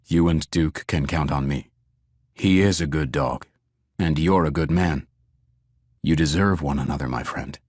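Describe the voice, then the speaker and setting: A man voicing a gentle, steady male survivor who speaks low and calmly in an audiobook. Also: moderate pace, no room sound, clean studio sound. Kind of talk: audiobook character voice.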